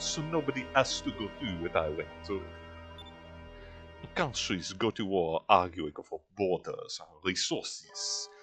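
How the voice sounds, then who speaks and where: A man voicing a scheming female villain admiral in a mock French accent, reading game lines slowly and low. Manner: slow, low, menacing delivery. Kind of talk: reading game dialogue aloud.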